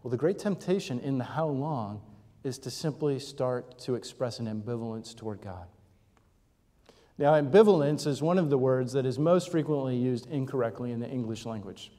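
A man's voice: medium pitch, expressive, moderate pace, dark tone. A male pastor preaching a sermon in a conversational teaching manner, often asking rhetorical questions and checking in with his listeners. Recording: long reverb of a large hall.

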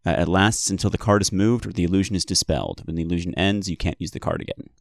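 A man's voice: sits low, fast, gravelly, no room sound, clean studio sound. A man playing a tabletop game who reads out and explains the rules in a casual, easy way. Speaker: player.

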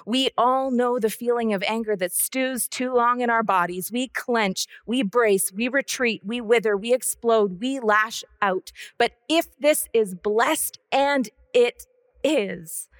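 Woman preacher, slightly high voice, very slow and deliberate, dry close sound. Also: no room sound. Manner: measured, solemn, repetitive cadence. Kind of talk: sermon.

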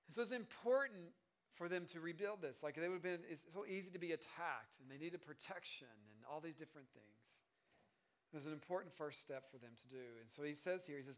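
A male pastor delivers a conversational sermon. His voice sits high for a man, and he talks loosely, restarting sentences and dropping in wry asides to the congregation. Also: animated, fairly quick, a bit bright. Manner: conversational, joking asides, many fillers and restarts.

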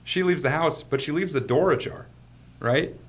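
A man being interviewed as a guest, telling a story in a casual, animated way, laughing often and swearing freely. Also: on the high side, normal speed. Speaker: guest, company founder.

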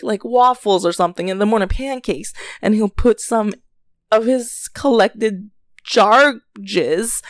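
A young woman hosting a podcast, telling a story in a chatty, animated rant with frequent swearing and laughter. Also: a little high, no room sound, clean studio sound. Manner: chatty, animated, swears freely, laughs often, many fillers. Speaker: podcast host. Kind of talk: casual chat, storytelling rant.

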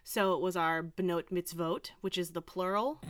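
A woman in her thirties co-hosting a podcast, explaining things in a relaxed, chatty way. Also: fairly low pitch, moderate pace, dry recording. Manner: explanatory, laughs easily. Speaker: podcast co-host. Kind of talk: casual chat.

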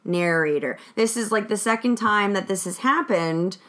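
A woman's voice: medium pitch, moderate pace, fairly bright tone. A woman hosting a podcast, chatting casually and jokingly about a documentary she watched. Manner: chatty, joking, does mock voices. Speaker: podcast host. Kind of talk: casual chat reviewing a documentary.

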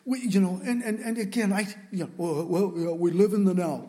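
A man's voice: high-pitched, mellow. A pastor preaching a sermon, a man who talks earnestly and with feeling, often stopping to restart his sentences. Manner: earnest and impassioned, with halting restarts. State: emotional.

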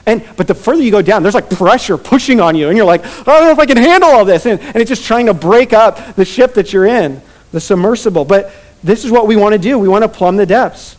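Guy preaching a sermon, pretty high voice, earnest, gets emphatic with repeats. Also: a little fast, a little mellow. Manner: earnest, builds to rising emphatic repetition. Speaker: pastor.

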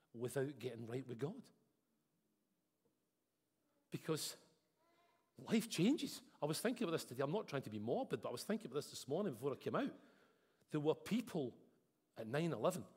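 A man preaching a sermon, earnest, swinging between loud emphasis and soft intensity. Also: mid-range voice, husky. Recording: echoey hall with long reverb.

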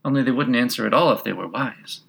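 A man's voice: quick pace, vocal fry, a bit bright. A man reading aloud, raising his voice to play a curious, polite young girl who asks eager questions. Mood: musing. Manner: raised, eager, inquisitive pitch. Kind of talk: audiobook character reading.

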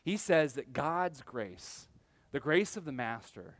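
A man's voice: a little high, a little slow. A young adult man preaching a sermon in a conversational style, often acting out quotes with sudden animation. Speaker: pastor.

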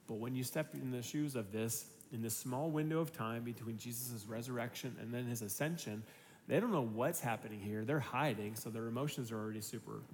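A man's voice: mid-range voice, in a large hall, slight background noise. A man in his thirties preaching a sermon as pastor, casual and conversational, slipping into voices for the people in his story.

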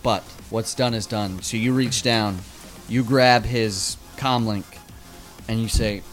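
A man's voice: fairly low pitch, steady tone, slow, faint music behind. Playful male game master narrating. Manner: vivid, playful, laughing between beats.

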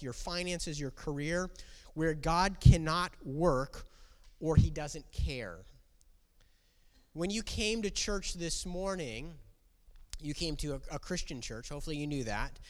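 Conversational man preaching in a reverberant church. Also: a little high. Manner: conversational, asks the congregation questions. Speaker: pastor. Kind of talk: sermon. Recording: long reverb of a church hall.

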